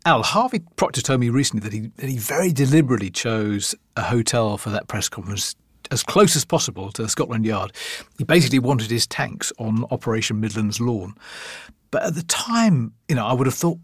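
A man hosting and narrating a documentary podcast in a measured storytelling manner. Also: mid-range voice, lively intonation, breathy edge, no echo, studio quality. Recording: narration with faint music underneath. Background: faint music.

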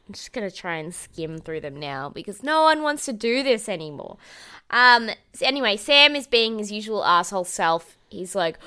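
A young woman co-hosting a podcast in loose recap chat. Her voice is bright and forceful, and her talk is sweary and rambling, full of fillers and quick laughs. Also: mid-range voice, clean tone. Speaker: podcast co-host.

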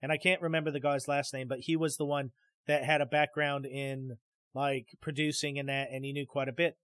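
A man on his podcast speaks directly to listeners while telling a loose story riddled with restarts. His mid-range voice is fairly quick and a bit bright with little pitch movement, and the studio-quality audio has no room sound.

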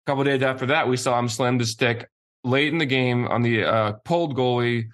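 A man's voice: medium pitch, brisk, a bit bright. A man hosting a casual hockey talk show, building his points by repeating phrases and sounding incredulous.

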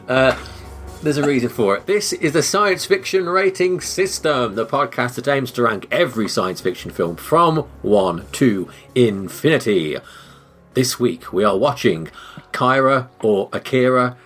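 A man hosting a podcast in casual chat, jokey and quick to laugh. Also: mid-range voice, soft background music. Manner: lively, jokey, laughs easily. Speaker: podcast host.

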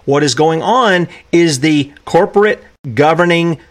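A man's voice: on the high side, a little slow. A man hosting a solo commentary show, talking emphatically with restarts and asides, reading passages aloud from documents. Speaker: podcast host.

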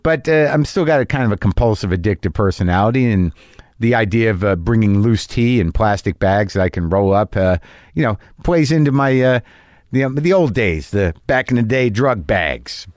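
A man's voice: lowish voice, expressive, moderate pace, a little mellow, dry recording, clean studio sound. A middle-aged man hosting a podcast, telling a comic story in a rambling, self-mocking way with sudden exasperated, profane outbursts. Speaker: podcast host.

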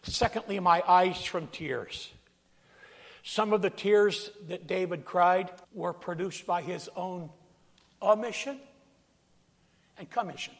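A man with a high, gravelly voice preaches in a church sanctuary, taking his time over each phrase. He acts out scripture in a dramatic way and calls out to the congregation. His voice rings with the long reverb of a big hall. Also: slow, pauses often. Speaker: pastor. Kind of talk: sermon.

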